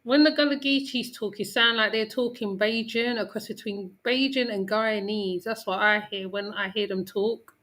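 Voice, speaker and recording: A woman's voice: mid-range voice, moderate pace, few pauses, a bit bright. A woman giving casual commentary in a matter-of-fact way.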